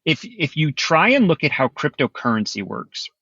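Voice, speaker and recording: A man's voice: a little high, sing-song, normal speed, pushed and bright, breathy edge, dry recording, dull audio. A man, explaining security topics in a casual panel chat and laughing often. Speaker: security expert.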